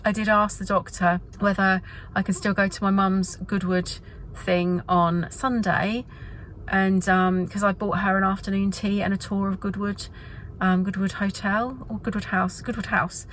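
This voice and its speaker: A middle-aged woman with an English accent, chatting excitably in a casual vlog. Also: medium pitch, a little slow, slight background noise. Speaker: vlogger.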